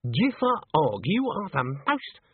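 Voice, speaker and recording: A man voicing a stern, suspicious old female witch with a sharp, commanding manner. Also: fairly high pitch, very animated, takes it slowly, slightly rough, dry recording, pitched above the performer's own voice, heavily acted. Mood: wary. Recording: dry, tinny phone-like sound.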